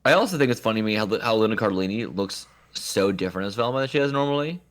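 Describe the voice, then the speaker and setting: A man's voice: on the low side, lively intonation, racing. A man co-hosting a podcast, chatting casually and quoting movie lines in playful voices. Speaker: podcast co-host. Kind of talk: casual chat.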